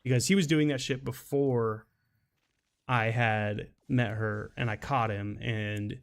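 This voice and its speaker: Gravelly-voiced man rambling through stories. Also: mid-range voice, fairly even intonation, slow pace. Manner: rambling, restarts a lot, laughs at his own stories. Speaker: game streamer. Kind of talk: casual storytelling while gaming.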